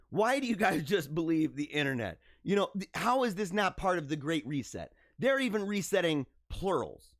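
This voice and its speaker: Animated, lively-pitched male stream host. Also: dry recording, clean studio sound. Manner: animated, joking, frequent laughs and stammered restarts. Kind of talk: casual live-stream chat with viewers.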